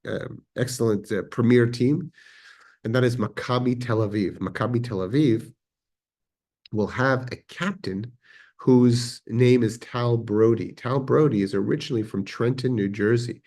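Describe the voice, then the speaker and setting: A man with a fairly low voice teaches a history class in a synagogue classroom. He talks conversationally, pausing on fillers and correcting himself as he goes. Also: darkish tone. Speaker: adult education teacher.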